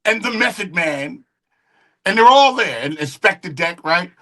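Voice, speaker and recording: A middle-aged man, a music engineer and guest, casually telling studio stories in an animated way and acting out the quoted dialogue. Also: high-pitched, moderate pace. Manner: animated storyteller who acts out quoted dialogue. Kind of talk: casual interview storytelling.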